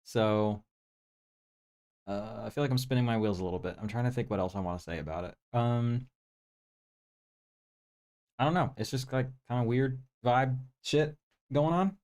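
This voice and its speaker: A man's voice: medium pitch, lively intonation, moderate pace, long pauses, darkish tone. A man hosting a live stream, casually reviewing movies in a rambling, laid-back way full of fillers. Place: home room with projector.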